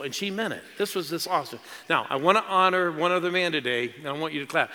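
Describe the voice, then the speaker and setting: Fervent pastor in an echoing church hall. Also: male voice, a little high, expressive, fast talker, few pauses, pushed and bright. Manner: emotional, storytelling with rising exclamations. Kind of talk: sermon. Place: large church auditorium. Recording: reverberant hall with crowd behind.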